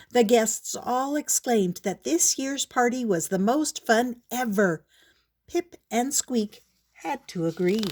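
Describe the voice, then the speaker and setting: An older woman reading a children's picture book aloud in a gentle, measured storybook manner. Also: mid-range voice.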